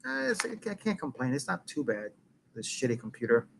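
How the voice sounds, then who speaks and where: Middle-aged male host, casual live-stream rant, lively swooping pitch, profane and rambling. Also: moderate pace, creaky, slight background noise. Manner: rambling, profane, jumps between loud bursts and muttering.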